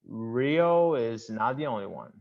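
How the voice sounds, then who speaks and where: A man's voice: mid-range voice, lively intonation, slow, vocal fry. A young man from Brazil with a Brazilian Portuguese accent, a Portuguese native speaker chatting as an international student guest in a casual interview, talking enthusiastically with loose fillers and restarts. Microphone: video call. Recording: dull lo-fi video call audio.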